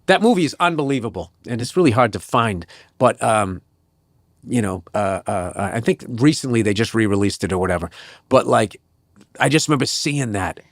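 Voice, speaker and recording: A man's voice: lowish voice, lively intonation, normal speed, no echo, studio quality. A middle-aged man, a comedian guest, telling rambling, profane anecdotes in a casual interview. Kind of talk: casual storytelling.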